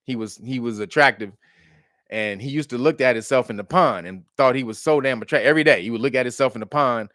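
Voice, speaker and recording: A man, commenting in casual talk, animated, acting out the quotes and laughing often. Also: quick pace, no echo, studio quality. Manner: animated storytelling, acts out quotes in high mocking voices, laughs often. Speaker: commentary host.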